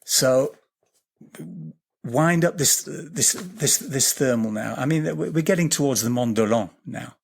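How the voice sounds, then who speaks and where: A man, a podcast guest telling a vivid, swearing story, repeating words and slowing down at tense moments. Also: medium pitch, animated, gravelly, slightly rough. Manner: slows down and lifts his voice at tense moments. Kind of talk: animated storytelling in a podcast interview.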